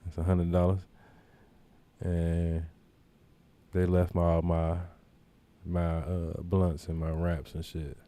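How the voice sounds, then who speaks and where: A man's voice: sits low, little pitch movement, slow pace, long pauses, dark tone. A man hosting a podcast, telling a rambling, profane anecdote in casual chat with lots of asides. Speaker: podcast host. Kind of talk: casual storytelling.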